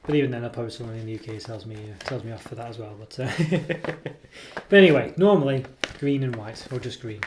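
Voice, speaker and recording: A man's voice: medium pitch, fairly quick. A man casually reviewing a chocolate product. He rambles and hesitates, full of ums and self-corrections, and pokes fun at himself. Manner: self-deprecating.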